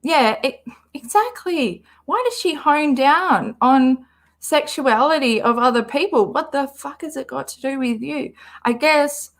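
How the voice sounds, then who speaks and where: A woman's voice: sits high, lively intonation, measured pace. A woman with an Australian accent, chatting bluntly and casually as she reacts to a podcast for her stream, swearing freely. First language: English.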